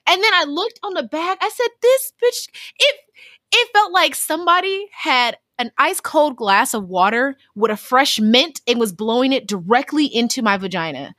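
A woman co-hosting a podcast, chatting casually with blunt, profane, animated storytelling. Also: high voice, normal speed, hardly any pauses, no echo, clean studio sound. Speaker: podcast co-host. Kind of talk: casual chat.

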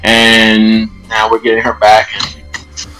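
A man's voice: fairly low pitch, completely flat delivery, takes it slowly, sharp tone, faint music behind, poor audio. A man on a casual podcast giving blunt, dismissive opinions. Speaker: podcast co-host.

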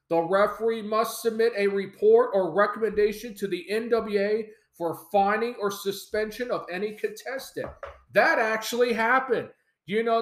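A man's voice: high-pitched, echoey room. A man hosting a podcast, reading a rules memo aloud and adding emphatic opinion commentary. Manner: emphatic, mock-shouting quoted wrestlers. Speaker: podcast host.

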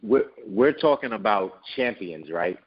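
A man's voice: on the low side, lively intonation, unhurried, slightly rough, highs cut off. A man who owns a business, telling an emphatic motivational story in an interview. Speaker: guest, business owner.

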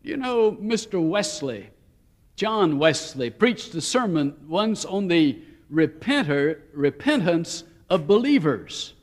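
A man preaching a sermon, telling stories and shifting between slow, weighty phrases and quick asides. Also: fairly high pitch, very animated.

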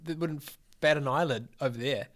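A man hosting a podcast, easygoing, quick to react and ask questions. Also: a little high, fairly bright tone. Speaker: podcast host. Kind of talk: casual chat.

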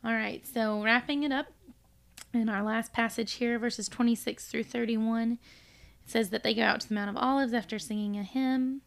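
A woman co-hosting a casual Bible study podcast reads scripture aloud and discusses it, growing animated when quoting. Her voice is fairly high and creaky, and her pace is moderate.

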